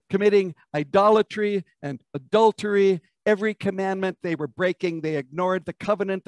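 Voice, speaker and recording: High-voiced American preacher telling a story. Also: male voice, dry recording. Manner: vivid storytelling, asks the congregation to imagine. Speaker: pastor. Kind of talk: sermon.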